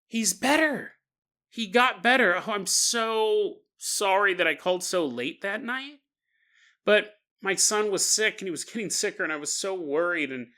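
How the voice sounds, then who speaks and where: A man voicing a worried mother who calls to thank a doctor and turns panicked, rushed and apologetic. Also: high voice, bright, forceful tone. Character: frantic grateful mother on the phone.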